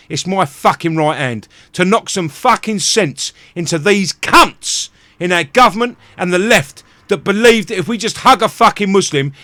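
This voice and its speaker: A man's voice: sits high, pushed and bright, no echo. A man with a British accent hosting a live stream, ranting angrily and swearing constantly. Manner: angry, profane ranting. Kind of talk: livestream rant.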